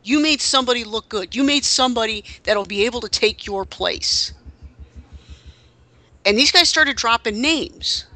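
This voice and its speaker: A man co-hosting a podcast in a loose, casual chat. His voice is bright and clear, and he keeps searching aloud with small restarts and fillers. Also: very high voice, normal speed, poor audio. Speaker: podcast co-host.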